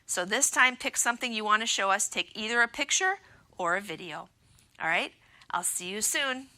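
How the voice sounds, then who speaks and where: A woman teaching a remote phonics lesson to young children in a slow, sing-song, encouraging teacher voice. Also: medium pitch, lively intonation, pushed and bright. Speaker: kindergarten teacher.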